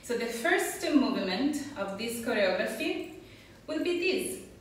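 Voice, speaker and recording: A woman's voice: on the high side, big pitch swings, a little slow, slight background noise. A woman teaching a belly dance class, counting rhythms and explaining steps patiently. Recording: echoey room, voice from far off.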